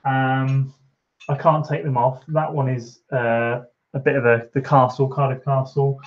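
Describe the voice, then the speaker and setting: A man's voice: mid-range voice, little pitch movement, a little slow, dull audio, faint music behind. A man chatting casually on a live stream from his home kitchen, reading out and answering chat comments, encouraging and rambling with fillers.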